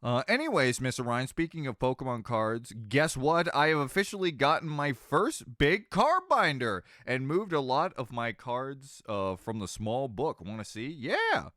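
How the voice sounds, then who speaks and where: Man, faint Southern American twang, casual rambling stream chat, jokey, animated pitch. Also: unhurried, few pauses, no echo, clean studio sound. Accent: slight Southern American twang. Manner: rambling, jokey, often laughing mid-sentence. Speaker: streamer chatting with viewers.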